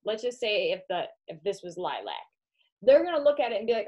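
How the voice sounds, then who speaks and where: A chatty woman with a Midwestern American accent walks a new recruit through products at home. She talks casually while handling items, with an everyday mid pitch. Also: very animated, brisk, dark tone, poor audio. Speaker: direct sales consultant. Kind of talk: casual home video demo.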